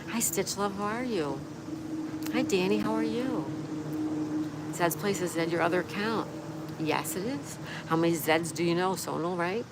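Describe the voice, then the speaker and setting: A woman with a fairly low-pitched voice, speaking at normal speed, hosts a casual livestream where she reads viewer comments aloud and chats back to them. Steady background noise and passing traffic can be heard.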